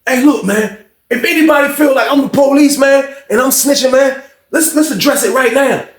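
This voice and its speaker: Brief: a man as a confrontational prisoner, raised pitch, insistent, roomy recording. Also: fast, a bit bright. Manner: insistent, confrontational, repeating himself. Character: defiant male inmate calling out accusers. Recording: roomy echo.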